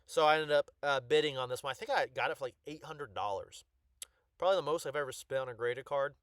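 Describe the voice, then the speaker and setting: A man chatting casually through a showcase of his card collection, full of ums and restarts and excited bursts. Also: medium pitch, fast, no echo, studio quality.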